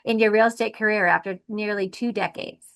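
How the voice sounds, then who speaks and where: Gravelly-voiced woman host. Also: medium pitch, fairly even intonation, a little fast, fairly bright tone. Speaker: interview host. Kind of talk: interview questions.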